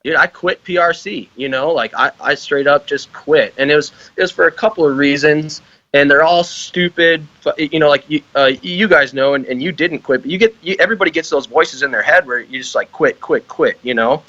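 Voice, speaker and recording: A man's voice: fairly high pitch, a little fast, sharp tone, no echo, dull audio. A young man, an army veteran guest on a podcast, chatting casually with lots of laughter, loose rambling and heavy swearing.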